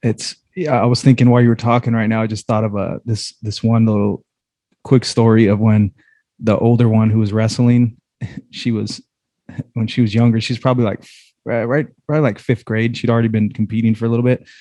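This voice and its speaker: A man's voice: fairly low pitch, flat delivery, brisk, mellow, no echo. A man co-hosting a podcast, chatting in a laid-back way, agreeing readily and telling stories with casual swearing. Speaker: podcast co-host. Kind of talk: casual chat.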